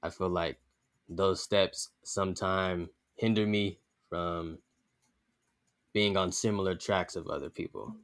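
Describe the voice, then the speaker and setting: A young man, a podcast guest, talking in an earnest, measured way about his own feelings. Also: low voice, steady tone, a bit bright. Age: young adult. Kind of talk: casual interview chat.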